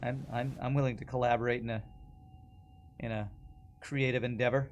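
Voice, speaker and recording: A man's voice: medium pitch, flat delivery, moderate pace, a little hiss or hum. A man chatting casually as he streams a game, rambling and laughing often. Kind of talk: casual gameplay commentary.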